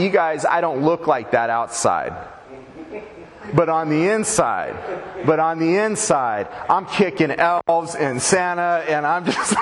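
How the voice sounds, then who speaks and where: A man's voice: on the high side, in a large hall. A man preaching a sermon as pastor, conversational and folksy, with humorous asides to the congregation.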